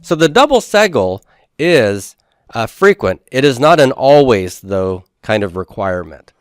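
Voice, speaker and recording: A man's voice: medium pitch, very animated, unhurried, dry recording, studio quality. A man teaching a Hebrew grammar class, explaining step by step and putting questions to the class before answering them himself. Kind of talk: classroom lecture.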